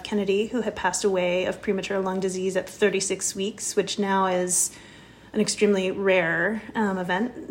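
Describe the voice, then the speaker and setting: A middle-aged woman neonatologist giving a measured, explanatory interview answer and pausing often to think. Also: medium pitch. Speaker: neonatologist guest.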